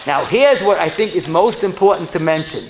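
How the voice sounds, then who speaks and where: Emphatic high-voiced rabbi in an echoey room. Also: male voice, a little fast, slight background noise. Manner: lively, emphatic, asks and answers his own questions. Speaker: rabbi teaching a halacha class. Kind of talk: animated Torah lecture.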